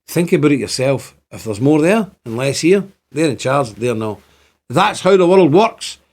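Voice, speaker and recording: A man's voice: a little high, expressive, normal speed, a little mellow. A man in his fifties with a Northern Irish accent tinged by Scotland, giving an impassioned, repetitive monologue to camera. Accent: Ulster Scots-tinged Northern Irish. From Northern Ireland. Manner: impassioned, repetitive, rising to exclaim.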